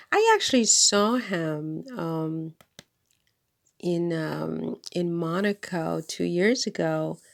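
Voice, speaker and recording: A woman giving a rambling, exasperated commentary, full of fillers and restarts, dropping her voice low when telling a story. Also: vocal fry. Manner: drops to a hushed near-whisper when storytelling. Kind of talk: casual commentary monologue.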